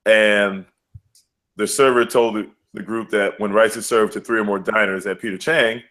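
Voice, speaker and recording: A man's voice: fairly low pitch, steady tone, normal speed, fairly bright tone. This is a man, chatting on a casual podcast. He tells stories in a loose, slangy way and slips into quoted voices for the people in them. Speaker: podcast co-host. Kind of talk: casual sports and news podcast chat.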